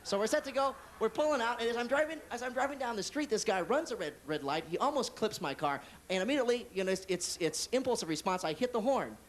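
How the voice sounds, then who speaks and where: A man doing stand-up comedy in a club, telling a story in quick, animated bursts and jumping between voices. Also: very high voice. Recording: 1980s TV comedy club recording with faint noise.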